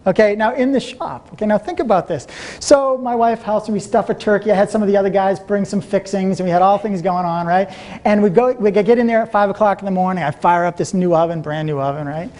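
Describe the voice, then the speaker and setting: Animated man telling a seminar story. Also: high-pitched, a little fast. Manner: storytelling, animated, laughing often. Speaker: seminar speaker. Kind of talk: motivational seminar talk to a live audience.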